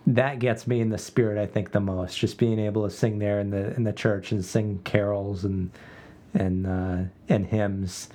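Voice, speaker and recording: A man's voice: lowish voice, steady tone, normal speed, mellow. A man co-hosting a casual home podcast, easygoing and dryly joking. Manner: easygoing, dry joking, many restarts. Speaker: podcast co-host and radio worker. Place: home podcast room with blankets on walls.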